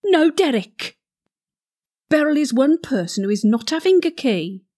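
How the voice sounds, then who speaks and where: A woman's voice: high voice, sing-song, unhurried, darkish tone. A woman playing a flirty gossip. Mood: flirtatious. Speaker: comic monologue character. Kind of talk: comic character monologue.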